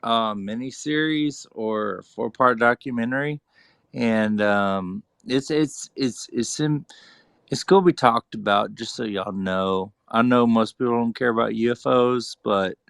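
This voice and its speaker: A man in casual group chat, earnest and halting with many fillers. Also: mid-range voice, vocal fry, a bit bright, clean tone, no room sound, clean studio sound. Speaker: group audio chat participant.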